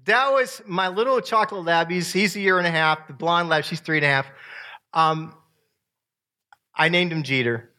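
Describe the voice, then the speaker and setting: Give me an upbeat man in his fifties, bright and a little high, telling family stories with jokes. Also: normal speed. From Virginia. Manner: upbeat, joking, swings loud and soft. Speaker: speaker sharing family photos. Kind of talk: casual talk to an audience.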